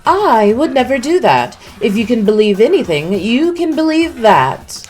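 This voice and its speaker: Woman doing a high-pitched taunting bear mascot, gleeful and sadistic, sing-song mockery, swooping wildly, game music faint behind. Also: sing-song, a little slow, a little mellow. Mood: mocking.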